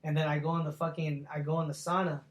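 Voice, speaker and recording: Slangy young man, fairly high voice. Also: flat delivery, quick pace. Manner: loose slangy talk, full of "like" and "bro", swears freely. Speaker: professional boxer. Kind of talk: casual sit-down interview.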